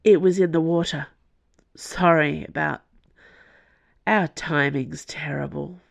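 A woman's voice: deep voice, fairly even intonation, takes it slowly, vocal fry, full character voice. A woman voicing an injured young man who stays wry though faint and dazed. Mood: urgent. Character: injured young man, weak but joking.

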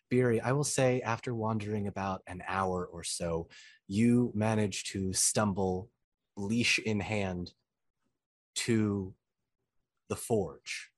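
A man narrating a tabletop game as game master, describing scenes in a measured way. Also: sits low.

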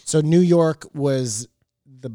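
A man with a mellow, mid-pitched voice recounting stories and firing off curious questions in relaxed conversation. The recording is dry and close to the mic. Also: slow pace, no room sound. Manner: tells stories eagerly, asks curious questions. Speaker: podcast co-host. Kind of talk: casual chat.

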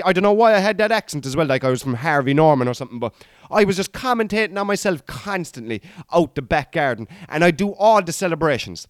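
A man's voice: on the high side, expressive, fast talker, no echo, clean studio sound. A man in his thirties with an Irish accent, talking through a comedy bit in a casual, rambling way, swearing and restarting his sentences. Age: 30s. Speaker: comedian podcast host.

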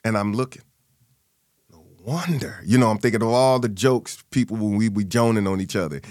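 Speaking fairly quickly in a clean studio recording with no room sound, a male interview guest shares a personal family story. He animatedly voices the people he quotes, leaping up and down in pitch.

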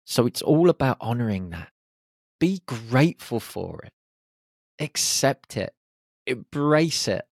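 A man's voice: mid-range voice, very animated, slow pace, gravelly, pauses often, darkish tone, dry recording, studio quality. A man hosting a podcast, talking listeners through confidence in an upbeat, encouraging way with jokey asides. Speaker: podcast host. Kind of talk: motivational podcast monologue.

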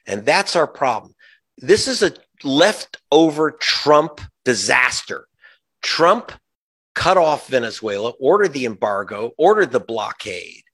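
A man's voice: medium pitch, sing-song, a little slow, a bit bright, husky. Impassioned, sarcastic male journalist. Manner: impassioned, sarcastic, many restarts. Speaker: journalist guest. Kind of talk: political commentary in an interview.

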